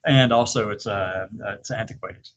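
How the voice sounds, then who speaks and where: A man hosting a casual video, laughing often and slowly dictating his words as he types. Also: fairly low pitch, dull audio. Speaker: video host. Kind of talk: casual chat while typing.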